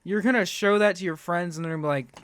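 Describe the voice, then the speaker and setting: A man's voice: high voice, quick pace, a bit bright, clean tone, dry recording, clean studio sound. A man hosting a reaction video, talking sarcastically and ranting at what he watches. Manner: sarcastic, ranting, mocks with put-on quotes. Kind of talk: reaction commentary.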